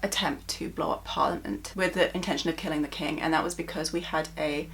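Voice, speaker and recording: Chatty young British woman, lowish voice, gushing book vlogger. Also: steady tone, a little fast, vocal fry, a bit bright, a little hiss or hum. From United Kingdom. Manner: chatty, many "like" fillers, gushing. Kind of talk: casual monthly reading wrap-up.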